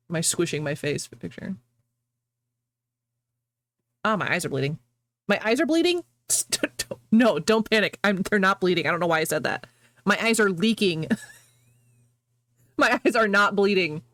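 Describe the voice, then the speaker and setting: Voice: mid-range voice, normal speed, long pauses, a bit bright, no echo. A game streamer chatting casually to viewers while playing, laughing often and apologizing a lot. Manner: talks to chat, reacting to the game.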